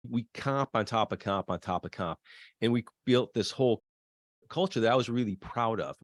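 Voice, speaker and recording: A man appearing as a guest on a business podcast, telling stories with pride and enthusiasm and quick bursts of speech. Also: fairly low pitch, no room sound, studio quality.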